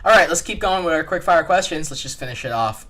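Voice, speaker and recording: Young man, podcast co-host, animated pitch, jokey, laughs a lot. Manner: laughs often, quick and joking. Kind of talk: casual chat.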